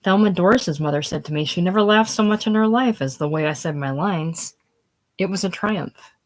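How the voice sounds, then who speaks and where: A woman voicing a chatty, excitable young woman who rattles on about her stage triumph, in a casual script reading. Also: fairly low pitch, normal speed, natural voice, rough recording. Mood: proud. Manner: rattles on breathlessly, gushing.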